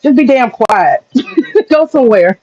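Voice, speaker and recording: A woman's voice: fairly high pitch, expressive, unhurried, warm tone. Blunt, profane woman ranting to chat. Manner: blunt, profane, laughing often. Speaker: streamer. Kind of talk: casual livestream rant to chat. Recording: dull lo-fi sound with faint noise.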